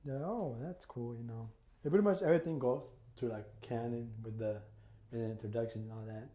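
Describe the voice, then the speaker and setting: A man's voice: mid-range voice, quick pace, dark tone, echoey room. A man casually retelling a fan story, rambling with lots of fillers and acting out the quotes. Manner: rambling, full of "you know" and "like", acts out quotes.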